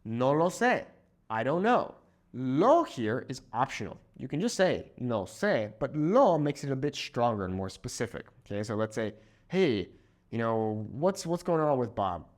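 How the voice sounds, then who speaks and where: A man's voice: medium pitch, very animated, measured pace. A young man giving a video Spanish lesson, explaining phrases and checking in with "okay?" after each point. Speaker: Spanish teacher.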